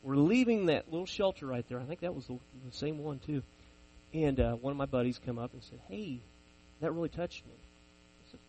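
A man's voice: a little high, expressive, a little fast, a little mellow, breathy edge, highs cut off. A man in his forties preaching a sermon, telling personal stories in a conversational, self-deprecating way.

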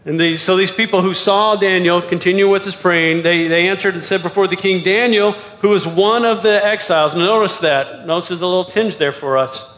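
A pastor with a high voice works through scripture verse by verse, firing off pointed rhetorical questions. He speaks briskly with few pauses, fairly even intonation and a fairly bright tone. His voice rings out with a long reverb tail, like it's coming from a large hall.

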